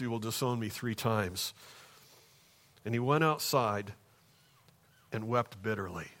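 A male pastor delivers a sermon, dropping into quiet, slowed passages and then climbing into raised, emphatic bursts. His voice sits in a middle register for a man. It is a live preaching style from a church. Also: medium pitch. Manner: dynamic preaching, swings from hushed to raised and emphatic.

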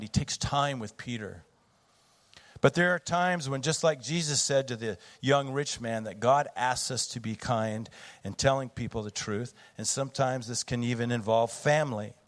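Middle-aged man preaching a sermon. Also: mid-range voice. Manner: conversational storytelling with fillers and restarts. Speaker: pastor.

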